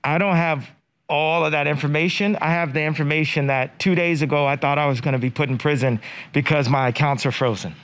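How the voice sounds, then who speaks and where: A man's voice: on the high side, steady tone, fairly quick, a bit bright, clear, resonant tone. A man speaking as a talk show guest, blunt and matter-of-fact.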